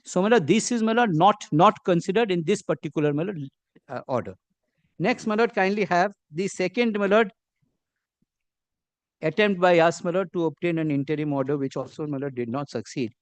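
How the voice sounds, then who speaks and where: A middle-aged man with an Indian English accent arguing before a court as an advocate, halting and constantly addressing the bench, with pointed rhetorical questions. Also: high-pitched, dry recording. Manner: halting, peppers every phrase with "my lord". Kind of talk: courtroom legal argument.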